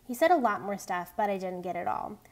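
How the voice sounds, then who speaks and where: A woman reading a novel aloud in a steady, plain storytelling manner. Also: mid-range voice, a little fast. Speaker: reader.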